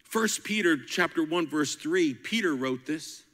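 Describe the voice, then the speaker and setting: A man preaching a sermon, swinging dramatically between loud climaxes and hushed whispers and calling out to the congregation. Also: a little high, expressive, measured pace, in a large hall. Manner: call-and-response exhortations.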